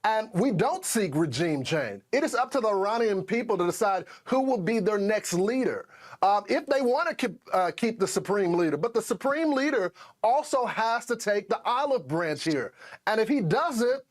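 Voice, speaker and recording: A man's voice: high-pitched, sing-song, moderate pace. A man in a played broadcast clip, speaking earnestly and steadily as he relays what he was told. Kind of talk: broadcast commentary.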